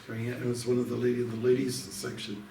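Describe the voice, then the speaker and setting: Monk from Canada giving an informal devotional talk, gravelly voice, rambling anecdotal delivery with frequent fillers and restarts. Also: male voice, mid-range voice, monotone, fast talker. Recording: roomy hall, distant mic, faint noise.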